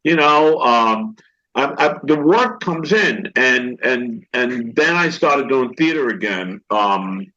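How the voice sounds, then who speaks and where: Speaking slowly but animatedly, an older man with a medium-pitched, sharp voice tells storytelling-interview anecdotes as an actor guest. He rambles, acts out others' words and restarts many times, all captured on a dull lo-fi recording.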